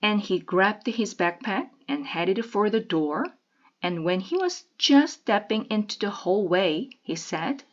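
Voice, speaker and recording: A woman reading a children's novel aloud in a measured, expressive way. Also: mid-range voice, highs cut off.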